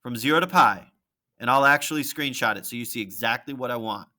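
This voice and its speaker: Bright-voiced man talking through math. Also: mid-range voice, brisk. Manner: conversational, thinking aloud with frequent "right?" and "okay?". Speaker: math teacher. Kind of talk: screen-recorded lesson walkthrough.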